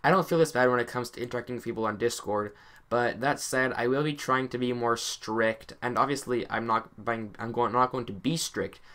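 A man's voice: mid-range voice, fairly even intonation, fairly quick, a bit bright. Hesitant, rambling young-sounding guy. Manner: rambling, hesitant, self-conscious, many restarts. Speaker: gaming YouTuber. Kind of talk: casual monologue over gameplay.

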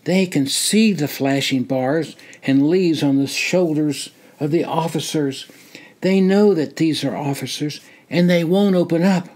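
An older man reading his own memoir aloud in a slow, deliberate storytelling manner. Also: a little high, a little mellow. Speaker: memoir narrator. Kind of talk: reading a personal war memoir.

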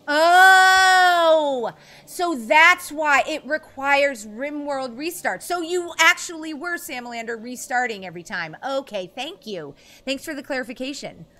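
Bright, animated woman game streamer. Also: high-pitched. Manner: animated, jumpy, greets chat by name. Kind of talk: casual live-stream chat.

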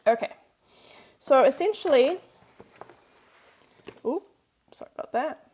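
A woman's voice: high-pitched, animated, unhurried, pauses often, slightly rough. A woman teaching grammar on a live stream, explaining patiently and repeating points in new words while answering viewers. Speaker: Korean language teacher. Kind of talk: live-streamed workbook lesson.

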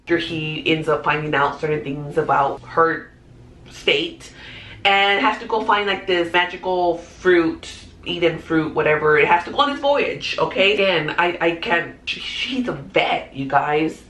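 A woman's voice: deep voice, measured pace, a bit bright. A woman hosting her own movie review channel, talking frankly and casually and often repeating her words. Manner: talkative, frank, repeats herself. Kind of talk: casual chat. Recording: echoey room.

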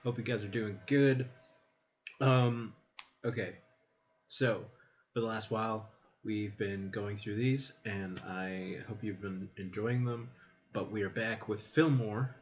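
A man's voice: lowish voice, fairly even intonation, takes it slowly, muffled recording. A man hosting a casual reaction video, chatting and laughing along with a cartoon episode. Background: cartoon episode audio playing.

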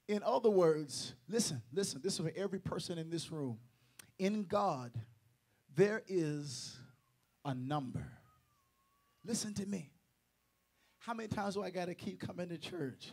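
A preacher with a high, light voice, delivering a Sunday sermon. He drops into low, quiet asides, then climbs into loud, shouted runs of repeated phrases. He jokes with the congregation as he goes. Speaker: pastor.

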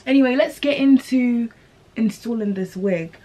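A young woman chatting casually to viewers as she installs a wig, slangy and animated. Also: on the high side, moderate pace. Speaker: beauty vlogger.

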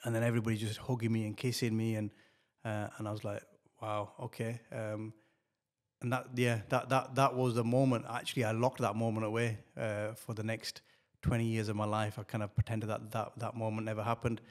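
A middle-aged man, telling a personal story as a podcast guest, halting and repeating words with many fillers. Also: on the low side, flat delivery. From northern England.

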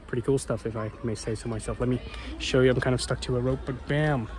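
A man chatting excitedly on camera, swearing and stammering, filmed on a phone. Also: medium pitch, fast. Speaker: friend on the trip. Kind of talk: casual chat on camera. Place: outdoors and in a car. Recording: loud outdoor and car noise.

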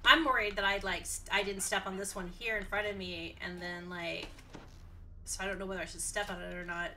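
A woman's voice: medium pitch, steady tone, brisk, pushed and bright, slight background noise. A woman streaming an online game, chatting in a flustered, giggly, rambling way. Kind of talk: casual gaming chat. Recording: game music in background.

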